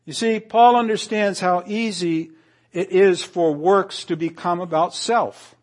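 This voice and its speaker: This pastor's voice is high and a little slow; he reads scripture during his sermon, swinging from hushed phrases to raised, emphatic ones.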